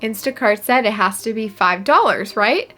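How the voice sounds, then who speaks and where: A woman's voice: medium pitch, lively intonation, moderate pace, a bit bright, soft background music. A woman vlogging casually about her shopper pay, reading out a support chat with sarcastic, dry humor. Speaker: gig delivery shopper and vlogger.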